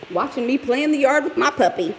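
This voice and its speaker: Sassy, animated woman vlogging at home. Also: high-pitched, moderate pace, poor audio. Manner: sassy and animated, talks back to commenters, laughs often. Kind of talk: casual vlog chat. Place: at home, moving around the house and yard. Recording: home recording with clear background noise.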